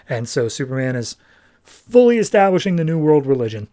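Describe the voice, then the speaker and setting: A man's voice: a little high, very animated, fairly quick, mellow. A man hosting a podcast, retelling a comic book story in a loose, chatty way full of "like" and quoted dialogue. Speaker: podcast host. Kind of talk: casual comic book recap.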